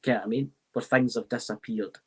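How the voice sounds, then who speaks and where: A man with a husky, slightly breathy voice chatting as a podcast guest at a middle pitch. He rambles and restarts his sentences as he talks. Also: fairly even intonation, brisk, fairly bright tone. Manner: rambling, with lots of fillers and restarts. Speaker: podcast guest, tarot reader. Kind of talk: casual chat.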